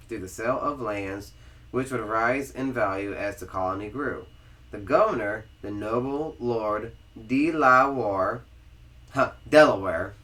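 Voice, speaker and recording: A man's voice: mid-range voice, pushed and bright. A man with a Southern American accent, co-hosting a podcast and reading history aloud, stumbling over words and restarting as he goes. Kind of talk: casual read-aloud with banter.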